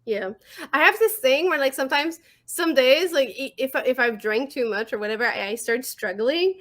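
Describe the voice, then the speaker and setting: Giggly high-voiced woman with French accent. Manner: giggly, animated, quick asides. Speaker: podcast co-host. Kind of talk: casual chat. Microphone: remote call mic.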